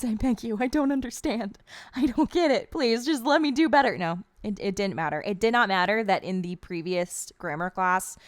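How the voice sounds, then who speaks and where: A woman in her twenties chatting casually over a game build video, telling rambling stories in an animated way. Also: medium pitch, no room sound. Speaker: gaming video creator.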